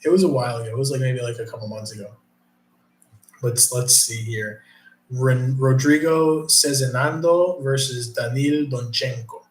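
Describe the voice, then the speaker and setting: Male streamer, mid-pitch, loose profane chat, roomy echo. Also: moderate pace. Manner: profane, rambling, reads chat aloud. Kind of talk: casual live stream chat.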